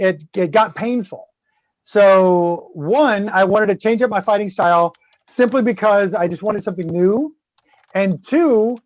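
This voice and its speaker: A man's voice: high-pitched, no echo. A man with a Southern US accent, a guest on a live web show, telling stories in a profane, boisterous way. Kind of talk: casual live-stream chat. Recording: slightly dull lo-fi audio.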